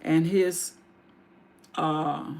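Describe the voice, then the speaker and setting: A woman's voice: deep voice, fairly even intonation, extremely slow, darkish tone. A woman hosting a livestream, retelling a Bible story in casual everyday speech with asides. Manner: casual vernacular with restarts and asides. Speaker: livestream host.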